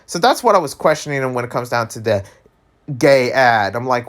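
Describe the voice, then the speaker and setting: A man vlogging in a casual rant, animated and exasperated, laughing often and tripping over his words. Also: moderate pace. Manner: animated, exasperated, pitch jumps high when worked up.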